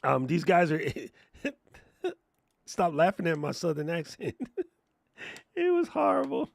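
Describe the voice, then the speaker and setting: A man hosting a casual livestream class on thumbnails, telling stories in slangy, animated talk and laughing often. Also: a little high, unhurried, vocal fry, no echo. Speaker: host and content coach. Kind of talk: casual livestream teaching chat.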